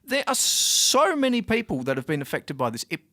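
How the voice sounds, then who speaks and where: A man's voice: high-pitched, brisk. Passionate young Australian man ranting. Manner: passionate, animated and indignant, laughs often. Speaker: student radio co-host. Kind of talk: casual radio chat.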